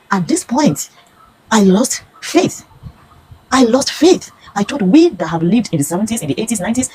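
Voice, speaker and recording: Nigerian woman, 50s, earnest testimony, rapid-fire delivery, mellow low tone. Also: slight background noise, rough recording. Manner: earnest, pleading, storytelling. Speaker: consumer reviewer. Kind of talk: emotional personal testimony.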